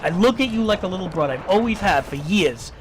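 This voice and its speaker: Man streamer, lecturing rant, profane, high voice that swings a lot. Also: animated, fast talker, background noise. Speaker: livestreamer.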